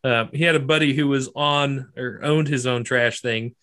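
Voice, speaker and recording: A man co-hosting a casual movie podcast, recapping the plot in quick bursts and laughing often. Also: medium pitch, steady tone, fairly bright tone. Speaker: podcast co-host.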